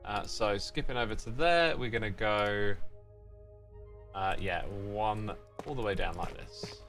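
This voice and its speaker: Faint music plays as a man with a lowish, fairly bright voice hosts a casual gaming livestream at an unhurried pace. He reads the chat aloud and answers with playful teasing, including mock sign-offs.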